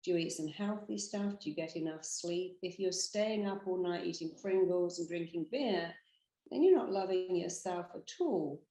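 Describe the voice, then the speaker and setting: Woman, British accent, motivational talk, emphatic and animated, fairly low voice, echoey room. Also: moderate pace. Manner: emphatic, animated storytelling with acted quotes. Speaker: therapist and hypnotherapist.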